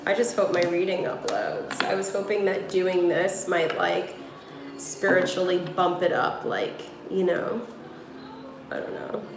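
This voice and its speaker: Gravelly low-voiced woman chatting on a livestream. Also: animated, measured pace, reverberant, over music, poor audio. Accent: New York. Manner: rambling, filler-heavy, talking to viewers. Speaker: tarot reader livestreaming. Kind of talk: casual livestream chat. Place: room at home.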